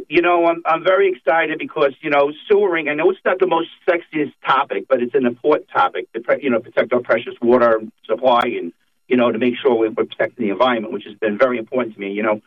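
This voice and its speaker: A man's voice: medium pitch, quick pace. A middle-aged man, a political guest on a talk show, speaking in a fired-up, emphatic, repetitive way. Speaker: state senator guest. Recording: tinny phone line.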